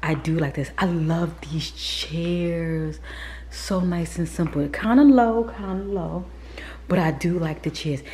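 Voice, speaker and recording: Low, mellow-voiced woman vlogging casually. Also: fairly even intonation, measured pace. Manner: chatty and candid, often drops to a whisper. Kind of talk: casual chat while touring a model home. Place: indoors, model townhouse.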